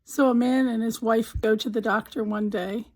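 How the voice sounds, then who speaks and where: Here a channel host reads through a countdown of marriage jokes, leading each one toward its punchline. She has a fairly high, somewhat dark voice with fairly even intonation, talks at a normal speed, and the sound is poor.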